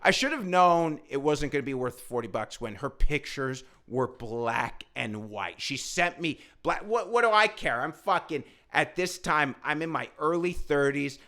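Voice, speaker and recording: Forceful, crisp-voiced comedian telling a story. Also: male voice, on the high side, measured pace, few pauses. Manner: profane, rambling, animated. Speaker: stand-up comedian.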